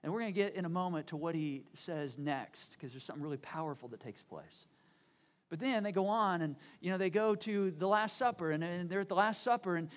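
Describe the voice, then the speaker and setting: A woman preaching a sermon, retelling stories in a lively, conversational way with frequent restarts. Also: medium pitch. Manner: animated, conversational storytelling with many restarts.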